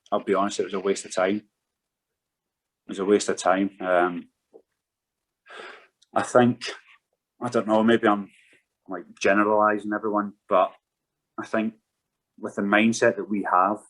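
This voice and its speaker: A man with a somewhat low voice speaks as a podcast guest. He is frank and swears freely as he tells a personal story in a candid, conversational way. He sounds like a man in his thirties. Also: a bit bright, poor audio. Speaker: podcast guest, former footballer.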